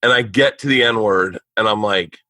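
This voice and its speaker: A man's voice: fairly low pitch, normal speed, dry recording. A middle-aged man hosting a podcast, telling stories in casual chat, acting out the people he quotes and swearing freely. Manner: animated storyteller, acts out quotes, swears a lot. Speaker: podcast host. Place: living room of a house.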